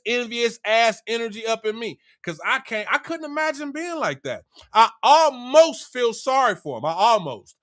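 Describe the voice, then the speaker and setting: A man delivering an animated, profane motivational rant in streetwise slang. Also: extremely high pitch, clear, resonant tone. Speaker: vlogger.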